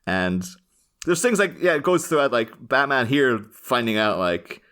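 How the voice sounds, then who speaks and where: A man's voice: medium pitch, sing-song, measured pace, a bit bright. A man hosting a podcast, talking casually and enthusiastically about a film, rambling with frequent restarts. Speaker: podcast host. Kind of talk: casual chat, film discussion.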